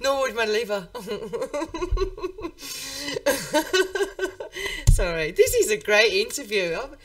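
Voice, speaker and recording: Chatty English woman host with a Birmingham accent, giggly and animated, recorded a little off-mic. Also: fairly high pitch, slow pace, recorded from a distance. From England. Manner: bubbly, laughs often. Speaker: podcast host. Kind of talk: casual interview chat.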